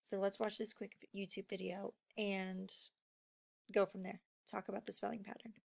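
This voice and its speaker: A woman teaching a recorded phonics lesson, explaining slowly and patiently to young students. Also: mid-range voice, level tone, vocal fry, darkish tone.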